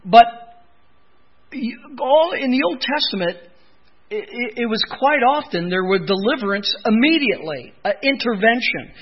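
Male preacher, high voice, earnest, given to impassioned cries; muffled lo-fi sound. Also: animated, unhurried, husky. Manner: earnest, rises to impassioned cries when quoting laments. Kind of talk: expository sermon. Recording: dull lo-fi recording.

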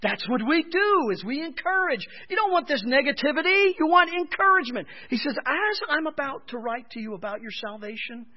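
A man's voice: expressive, brisk, hardly any pauses. A male pastor preaching a sermon, emphatic, often raising his voice to drive points home. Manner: emphatic, rising in pitch and volume for stress. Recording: dull lo-fi sermon recording.

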